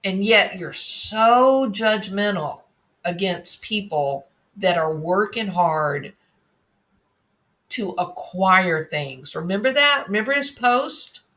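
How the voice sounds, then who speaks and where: A woman's voice: mid-range voice, expressive, takes it slowly, pushed and bright. A woman giving blunt, scornful solo commentary, reading viewer comments and mocking the person she discusses. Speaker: true crime commentator.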